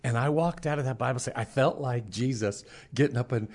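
A middle-aged preacher shares a personal testimony in a casual way, speaking at mid-range pitch and a little fast. He's an animated storyteller who acts out the voices of the people in his story.

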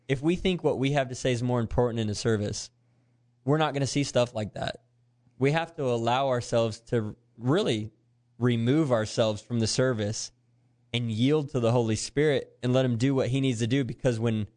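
A man, a youth pastor, animatedly telling a story in conversation and acting out the voices of the people in it. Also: mid-range voice. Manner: animated, acts out quoted voices, earnest.

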